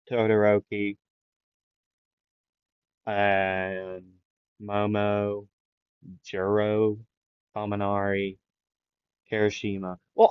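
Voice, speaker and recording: A man's voice: on the low side, smooth, dry recording. A man improvising a fan story, rambling with many fillers and restarts, keeping his voice down after a sore throat. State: recovering from a sore throat, avoids raising voice. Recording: dull lo-fi mic, dry.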